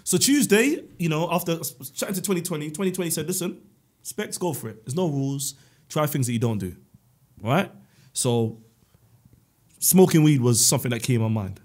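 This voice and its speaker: Husky, higher-voiced podcast host spinning animated comic stories to his mates. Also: fairly quick. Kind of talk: casual chat.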